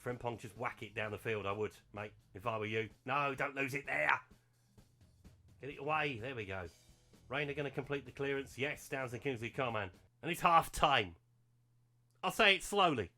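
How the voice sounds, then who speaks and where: Faint music plays behind a man of medium pitch speaking at normal speed. He hosts a gaming channel, commentating excitedly and live on a football management game, with bursts of shouting and laughter at big moments.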